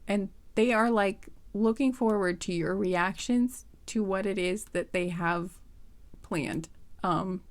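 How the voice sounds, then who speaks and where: A woman's voice: mid-range voice, slow. A woman giving a casual tarot reading into a close microphone, flustered and giggly, rambling with many restarts. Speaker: tarot reader.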